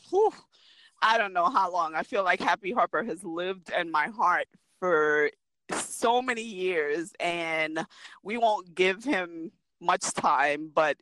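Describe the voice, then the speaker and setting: A woman co-hosting a podcast in casual chat, an animated storyteller who laughs a lot. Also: fairly low pitch, no room sound, low-quality recording. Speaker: podcast co-host and writer.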